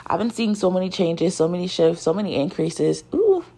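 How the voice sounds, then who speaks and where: A woman tarot reader telling a story in a casual vlog, animated, dramatic and full of swearing. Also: on the low side, a little fast, creaky, breathy edge.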